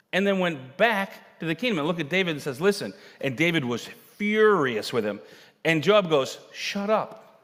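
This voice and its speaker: A male pastor preaching a sermon, telling Bible stories with animated acted-out dialogue. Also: a little high. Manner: animated storytelling, acting out characters' lines. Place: church sanctuary. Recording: long hall reverb.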